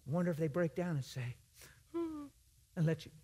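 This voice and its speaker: Emphatic folksy preacher man, husky voice. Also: a little high, rapid-fire. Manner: folksy, emphatic, swings between shouting and hushed asides. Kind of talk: sermon. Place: church.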